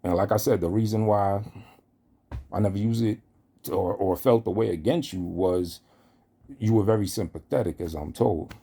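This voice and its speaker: A man's voice: fairly low pitch, moderate pace, warm tone, breathy edge. A man delivering a heated, profane callout rant, speaking straight at the person he confronts. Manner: confrontational, profane, addresses target directly. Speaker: online commentator.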